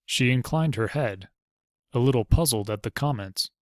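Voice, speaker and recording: A man narrates an audiobook, telling the story in a steady, even way. His mid-range voice moves at normal speed, with clean studio sound and no echo.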